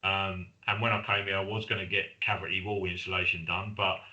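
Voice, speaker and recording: Middle-aged bloke, low and bright voice, chatty podcast co-host who tells stories. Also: male voice, level tone, a little fast, lo-fi sound. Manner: chatty storyteller, acts out quoted friends. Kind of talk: casual chat.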